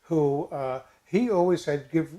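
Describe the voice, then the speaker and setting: An older man co-hosting a casual chat, halting with many fillers and restarts, dropping jokey asides. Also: on the high side, warm tone. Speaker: co-host.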